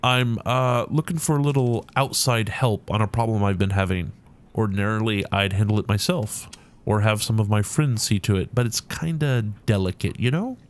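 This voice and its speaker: A crass, pushy dwarf producer , voiced by a man, talks in a rough put-on New York accent from a role-playing video game. His voice sits a little low, and he pushes every line like a sales pitch. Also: normal speed, lightly acted. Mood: confiding. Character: rotund balding male dwarf film producer, pushy and crass.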